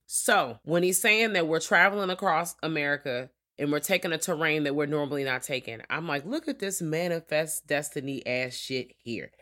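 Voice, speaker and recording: Low-pitched woman, casual profane movie chat, joking around. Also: fairly bright tone. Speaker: podcast co-host.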